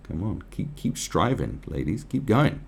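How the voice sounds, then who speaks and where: Deep, lively-voiced sarcastic man. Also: unhurried, vocal fry, husky. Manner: profane, rambling, sarcastic. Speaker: commentator. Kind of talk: commentary on a news article.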